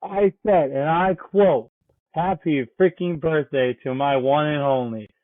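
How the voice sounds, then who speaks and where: A man's voice: fairly high pitch, a little slow, dry recording, narrow, tinny audio, lightly acted. A man improvising as a flustered young boyfriend on the phone, stammering and repeatedly trying to get a word in.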